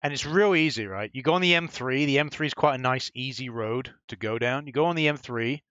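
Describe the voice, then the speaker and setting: A man's voice: mid-range voice, a little fast, fairly bright tone, no room sound, muffled recording. A man giving rambling, casual commentary over a game, swearing now and then. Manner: rambling, swearing, chatty asides. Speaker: gameplay commentator.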